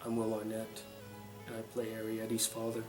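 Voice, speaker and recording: A dull, unexpressive male actor murmurs each line just above a whisper, in a much deeper and quieter tone than the man sending him up normally uses. The delivery stays flat and lifeless throughout. It echoes around a room. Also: moderate pace, far from the mic, over music, natural voice.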